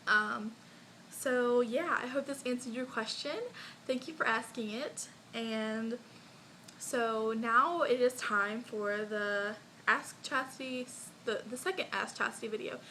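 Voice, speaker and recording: A woman's voice: a little high, pushed and bright, a little hiss or hum, low-quality recording. A young woman vlogger telling a personal story in a casual, chatty way, full of likes and ums and small laughs.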